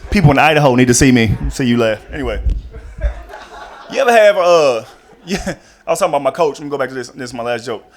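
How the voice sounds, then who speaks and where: Animated young male stand-up comedian. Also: mid-range voice, fast talker. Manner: animated, chatty, many "you know what I mean". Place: comedy club stage.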